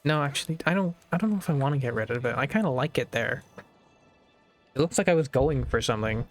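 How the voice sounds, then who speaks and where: A man's voice: medium pitch, lively intonation, fast talker. Young irish guy, casual game stream chat, rambling with fillers, faint music behind. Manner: rambling, thinking aloud with many fillers.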